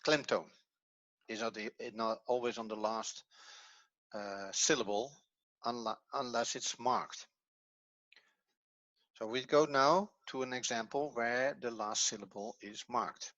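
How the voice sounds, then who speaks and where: A middle-aged man teaching a grammar lesson, explaining slowly and step by step, a non-native English speaker whose first language is Dutch. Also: medium pitch, a bit bright, no echo, muffled recording. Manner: slow, methodical explaining step by step. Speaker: Hebrew teacher.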